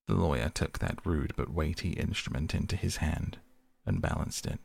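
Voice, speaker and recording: Deep gravelly male audiobook narrator. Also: normal speed, hardly any pauses, darkish tone, dry recording. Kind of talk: classic novel narration.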